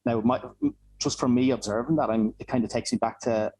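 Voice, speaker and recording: Host: man, quick and rambling, mellow voice, dry close sound. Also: mid-range voice, creaky, husky, dry recording, rough recording. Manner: rambling, hesitant questions with many restarts. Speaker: podcast host, interviewer. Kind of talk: casual interview questions.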